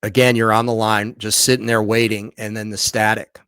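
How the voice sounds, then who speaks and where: A man's voice: on the low side, normal speed, smooth, no echo. Man telling a strange story, dry close mic. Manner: animated retelling with frequent restarts and repeats. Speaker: guest, documentary filmmaker and author. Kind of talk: conversational podcast storytelling.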